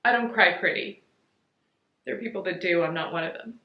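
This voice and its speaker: A woman's voice: fairly low pitch, fairly quick, dull audio. A middle-aged woman, tearful, talking casually to her viewers in a rambling, heartfelt way. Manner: rambling heartfelt thank-yous, says "you guys" often. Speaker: vlogger. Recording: echoey room.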